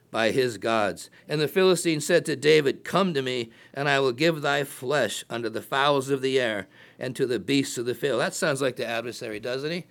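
A man's voice: fairly high pitch, vocal fry, fairly bright tone. A man preaching a sermon, reading Bible verses aloud and breaking in with emphatic rhetorical questions.

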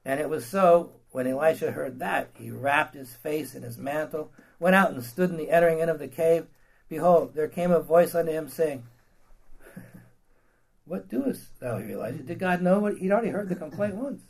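A man's voice: fairly high pitch, a little fast, vocal fry, low-quality recording. A man preaching a sermon, reading old scripture verses and then retelling them in blunt everyday slang with laughs and questions to the congregation.

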